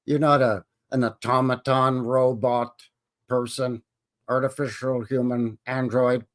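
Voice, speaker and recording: A man's voice: mid-range voice, level tone, a little slow. A middle-aged man with a Western Canadian accent, hosting a casual live stream and greeting viewers in a folksy way.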